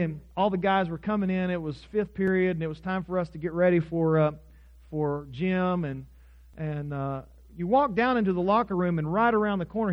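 Pastor guy from oklahoma preaching, fairly high voice, earnest, muffled lo-fi recording. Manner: earnest preaching with storytelling and prayer. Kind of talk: sermon. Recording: dull lo-fi recording.

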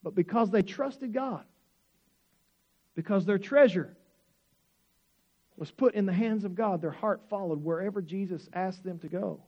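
A man preaching a sermon as pastor, telling a story with animated swings into excited shouts. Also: high voice, measured pace, long pauses, muffled recording.

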